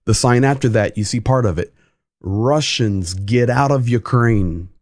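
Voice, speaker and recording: A man's voice: mid-range voice, measured pace, a little mellow, no echo, studio quality. A man hosting a casual livestream, chatting and reading viewer comments aloud with emphasis. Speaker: livestream host.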